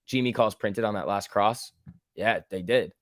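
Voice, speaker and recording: A man's voice: fairly low pitch, moderate pace, dry recording, studio quality. A man hosting a live stock market stream, calling price moves and reading viewer messages in a casual, joking way. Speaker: livestream host.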